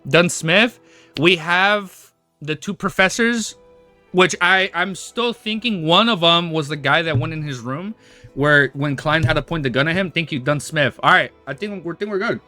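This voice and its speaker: A young man chatting on a live stream, excitable and restless, tripping over his words as he talks to his viewers. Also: fairly high pitch, normal speed, soft background music. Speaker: streamer reading and reacting to a web novel. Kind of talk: casual live-stream chat.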